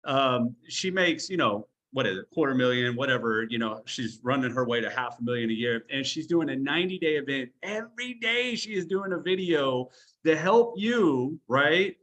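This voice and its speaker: A man's voice: medium pitch, expressive, normal speed, fairly bright tone. A man giving a motivational training talk over a video call, blunt and talkative, with a tough-love coaching manner. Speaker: online business trainer.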